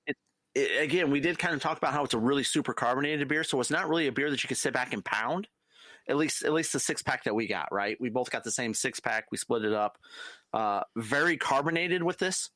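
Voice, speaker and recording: A man's voice: mid-range voice, quick pace, pushed and bright, no room sound. A man from Texas co-hosting a casual beer podcast, ribbing his friend and acting out exaggerated voices in his bits. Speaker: podcast co-host. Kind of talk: casual chat over beers.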